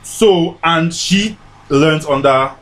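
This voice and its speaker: A man's voice: on the high side, takes it slowly, slight background noise. A young man co-hosting a casual podcast chat and telling stories, acting out what other people said. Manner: animated storyteller who acts out what others say. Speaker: podcast co-host.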